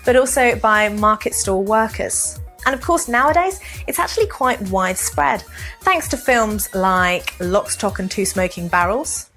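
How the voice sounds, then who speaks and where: A woman from the south of England, giving a scripted lesson to camera in a clear, measured, explanatory way. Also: mid-range voice, lively intonation, fairly bright tone, soft background music. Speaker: English teacher.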